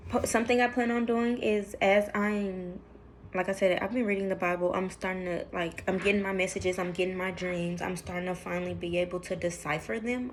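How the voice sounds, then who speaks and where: A woman's voice: lowish voice, a little hiss or hum. Chatty rambling woman vlogger. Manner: rambling, chatty, lots of fillers; addresses viewers as y'all. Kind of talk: casual talking-to-camera vlog.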